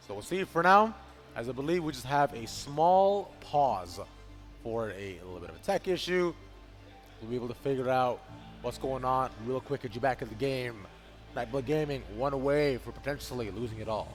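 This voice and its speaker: A man co-casting a live esports match, making dramatic, animated calls. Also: mid-range voice, normal speed, soft background music. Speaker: esports co-caster. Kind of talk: live play-by-play commentary.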